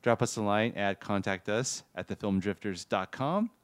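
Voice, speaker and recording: Male podcast host, casual chat, smooth resonant tone, deeper voice. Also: moderate pace, no echo. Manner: upbeat, laughs easily, reads out show plugs.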